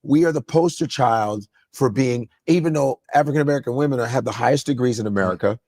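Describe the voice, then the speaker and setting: A comedian in casual chat, talking fast and animated and slipping into mock voices. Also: male voice, medium pitch. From Nigeria-born family.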